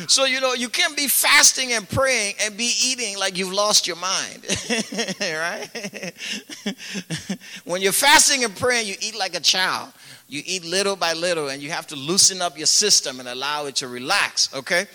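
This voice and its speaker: A preacher from Africa tells stories in a loose, chatty sermon, dropping "you know" and laughing often. His voice sits high and sounds very bright. It carries a long reverb, as in a large hall. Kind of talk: sermon with personal storytelling.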